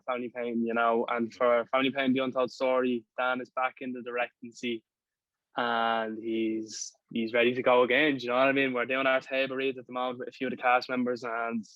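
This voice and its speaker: A man's voice: mid-range voice, a bit bright, no room sound, lo-fi sound. A young man from Ireland with a Dublin accent, a guest filmmaker chatting casually, rambling and often asking "you know what I mean". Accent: Dublin Irish. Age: young adult. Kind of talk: casual chat.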